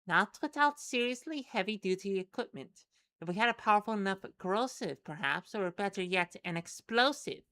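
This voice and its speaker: A calm, clinical doctor speaks in a brisk, measured, reassuring way, voiced by a woman reading a webcomic. The voice is bright and crisp. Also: medium pitch, close to an everyday voice.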